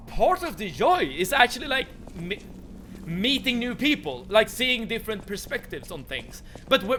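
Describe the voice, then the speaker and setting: A man's voice: high-pitched, sharp tone. A young man with a Swedish accent, casually chatting while streaming a game, stumbling and repeating words as he starts sentences. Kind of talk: casual gameplay chat. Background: game music.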